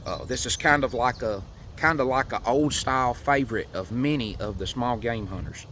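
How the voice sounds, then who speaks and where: A man from Tennessee gives a folksy, unhurried demonstration of hunting calls, with frequent fillers. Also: medium pitch, fairly bright tone, a little hiss or hum. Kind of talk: outdoor how-to demonstration.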